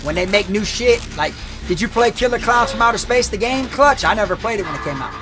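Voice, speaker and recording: Animated and a little fast, a male streamer's high, gravelly voice carries a bright, forceful edge. He rambles through slang-heavy stories in casual gaming stream chat, restarting sentences, with faint game music in the background.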